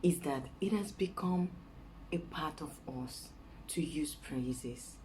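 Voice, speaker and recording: A young Nigerian woman with a Nigerian accent, giving chatty dating advice in a casual vlog and dropping into a soft coaxing voice to act out sweet talk. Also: sits low, slow, a little hiss or hum, low-quality recording.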